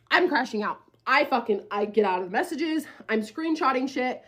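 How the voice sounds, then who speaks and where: Animated, foul-mouthed young woman storyteller. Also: sits high, normal speed. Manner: profane, animated, rambling. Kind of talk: casual storytime to camera.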